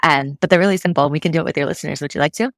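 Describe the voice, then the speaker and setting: Low-voiced woman fitness coach explaining. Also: very fast, dry recording. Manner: easygoing, explains step by step with frequent "right?". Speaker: mental fitness coach, guest. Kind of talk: casual interview explanation.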